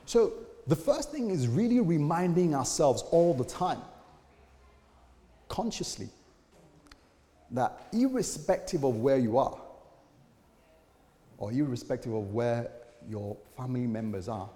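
A man's voice: medium pitch, sing-song, takes it slowly, long pauses, mellow. Conversational male pastor in a reverberant hall. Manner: conversational preaching, acts out quoted voices. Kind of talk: sermon.

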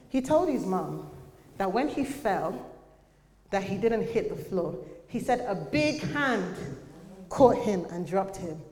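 A young adult woman preaching a sermon in earnest, conversational tones, sometimes pausing on fillers. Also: mid-range voice, darkish tone. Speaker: church speaker. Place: church hall. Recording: echoey church hall.

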